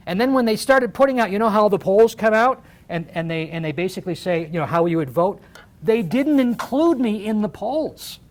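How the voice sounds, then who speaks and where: A middle-aged man and pastor, emphatic and excitable, telling a personal story with many restarts and asides. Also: on the high side. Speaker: pastor and former candidate.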